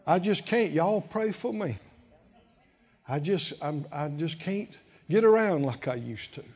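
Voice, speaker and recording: A man's voice: fairly high pitch, animated, a little slow, a little mellow, breathy edge, in a large hall, voice pushed down, heavily acted. A man doing a mopey self-pitying old complainer. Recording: dull lo-fi recording.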